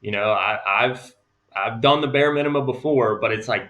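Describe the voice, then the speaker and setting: A male interview guest talking casually in a relaxed, chatty way. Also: mid-range voice, moderate pace. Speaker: guest, veteran entrepreneur.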